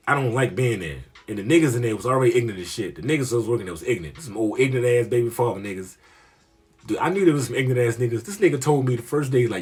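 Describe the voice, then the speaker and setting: A comedian telling a story in a rambling, profane, slang-heavy way. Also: male voice, on the low side, husky. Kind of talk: casual storytelling monologue.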